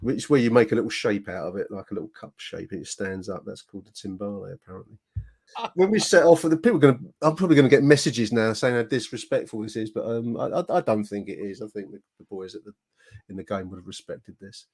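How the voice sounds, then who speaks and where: A man's voice: on the low side, fast, a little mellow, breathy edge. A man hosting a podcast, chatting casually and laughing often. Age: 60s. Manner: chatty, laughs often, fumbles foreign words. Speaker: podcast host. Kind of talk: casual chat.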